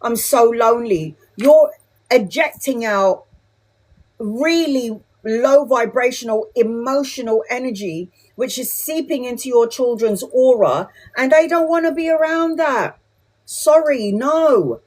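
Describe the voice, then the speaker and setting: A woman reading tarot live for her viewers, talking straight to them in a blunt, chatty way. Her voice sits a little high for a woman, and she drops in casual swearing while she gives advice. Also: animated, slow pace, a little mellow. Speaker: tarot reader.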